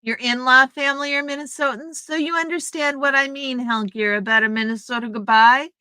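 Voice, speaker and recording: A woman hosting a live stream takes her time, greeting each viewer by name in a chatty, welcoming way. Her voice is bright, smooth and a little high. The sound is dry and close, with no room in it. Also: fairly even intonation, brisk, dry recording. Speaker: livestream host. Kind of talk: casual chat reading out viewer comments. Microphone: streaming setup microphone.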